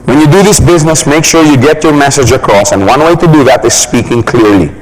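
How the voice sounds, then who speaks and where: A man giving a motivational business talk, laughing often and acting out quick examples in funny voices. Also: medium pitch, slight background noise, rough recording. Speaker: business trainer.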